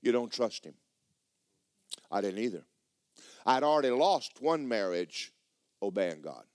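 A pastor, preaching a sermon and telling a personal story with emotion, often repeating himself and speaking straight to the congregation. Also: male voice, fairly low pitch, big pitch swings, unhurried, a little mellow, dry recording, studio quality.

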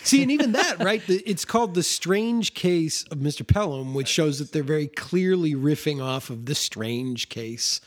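A man with a slightly higher voice co-hosts a casual podcast. He talks in a laid-back, amused way and often laughs between his thoughts. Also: expressive, normal speed, hardly any pauses. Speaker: podcast co-host. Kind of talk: casual film discussion.

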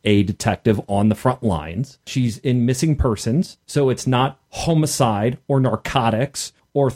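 A man co-hosting a casual tabletop gaming podcast, explaining his research and trading quick teasing banter. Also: medium pitch, a little mellow. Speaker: podcast co-host. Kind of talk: casual roundtable chat about tabletop gaming.

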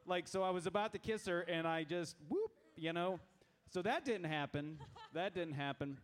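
A man in his thirties telling funny stories to a youth group, animated and self-mocking, with many stammered restarts. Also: high voice, normal speed. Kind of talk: lively storytelling talk to a youth group.

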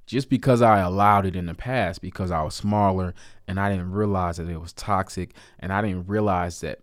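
A man's voice: deep voice, normal speed, dry recording, studio quality. A man casually telling a personal story with jokes, often breaking into laughter. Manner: animated, joking, laughs between lines.

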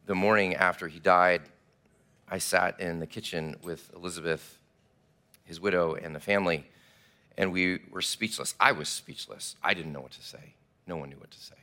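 A man preaching a sermon, telling the story with animated, acted-out delivery. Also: low voice. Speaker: pastor.

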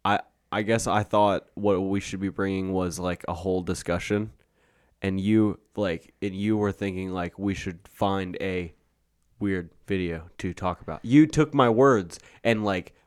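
A man's voice: deep voice, a little slow. A young man co-hosting a podcast, talking casually in a rambling way with many restarts and laughs. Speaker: podcast co-host. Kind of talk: casual chat.

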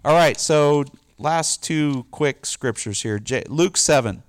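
A man's voice: fairly high pitch, slow pace, dry recording, studio quality. A middle-aged man preaching a casual, conversational sermon, loose and informal with lots of "like" and "you know". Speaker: pastor.

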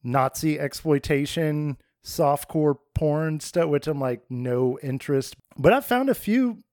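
A man's voice: fairly high pitch, measured pace, darkish tone, no echo, clean studio sound. A young adult man co-hosting a podcast, chatting casually and rambling with lots of "like". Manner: rambling, heavy use of "like". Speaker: podcast co-host. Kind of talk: casual chat.

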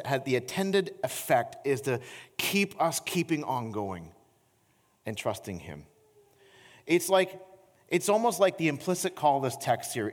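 A middle-aged man preaching as a pastor, telling stories with animated energy and slowing into soft, earnest appeals. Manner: animated storytelling, voice climbing high in anecdotes; slows and softens into earnest appeal. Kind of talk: sermon. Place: church sanctuary. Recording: long church reverb.

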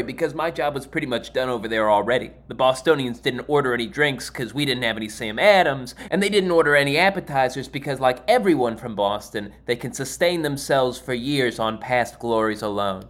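A man telling a stand-up comedy story, animated and exasperated with deadpan asides. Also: mid-range voice, moderate pace.

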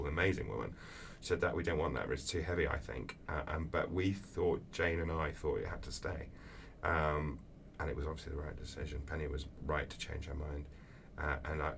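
Very deep-voiced man, distant mic. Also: gravelly. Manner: animated storyteller, acts out voices in anecdotes. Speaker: author guest. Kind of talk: interview answers. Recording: distant mic with faint background noise.

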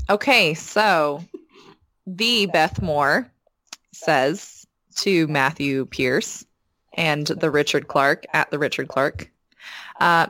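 A woman's voice: sits low, very slow, long pauses, a bit bright. A woman co-hosting a casual podcast chat, teasing and laughing often as she talks. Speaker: podcast co-host.

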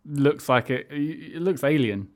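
A man's voice: on the high side, slow. A man co-hosting a casual comedic chat, teasing and arguing his points. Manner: argumentative, teasing. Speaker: podcast co-host.

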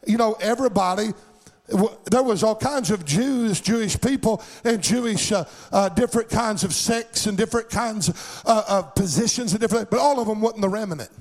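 Pastor guy preaching, really high voice, sing-songy and gets shouty. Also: normal speed. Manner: impassioned, sing-song preaching that rises to shouts. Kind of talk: sermon. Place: church sanctuary.

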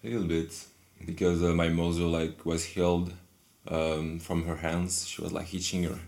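A man's voice: sits low, flat delivery, moderate pace, creaky, darkish tone. A man in casual conversation, telling a long story in a rambling, hesitant way with many repeats and restarts. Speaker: guest.

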